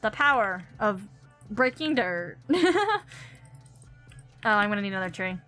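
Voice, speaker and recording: A woman's voice: medium pitch, lively intonation, a little slow, sharp tone, soft background music. A young woman streaming a game, chatting casually and giggling as she thinks aloud. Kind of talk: casual gameplay commentary.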